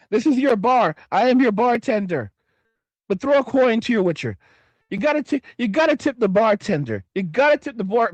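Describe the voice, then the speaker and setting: Profane high-voiced New streamer. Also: male voice, no echo. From New York. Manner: profane, rambling, emphatic repetition. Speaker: livestream host. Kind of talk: casual livestream chat reading comments.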